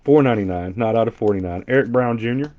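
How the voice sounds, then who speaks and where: This fast-talking middle-aged man has a mid-range voice and a Southern twang. Breaking trading cards on a live stream, he jokes around with his chat and belts out loud impressions, and the stream audio is dull and lo-fi.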